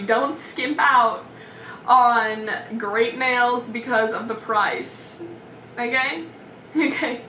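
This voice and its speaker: A woman's voice: a little high, slow, sharp tone, slight background noise. A young woman telling a storytime vlog in a chatty, dramatic way, full of "like" fillers. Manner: chatty, dramatic, many "like" fillers, mimics voices. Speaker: vlogger. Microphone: camera mic. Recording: echoey room, slightly far from mic.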